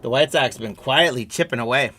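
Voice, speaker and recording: A man's voice: mid-range voice, fast talker, heavy background noise. A man hosting a live trading card break stream, reading out player names and teams in a running patter and chatting with viewers.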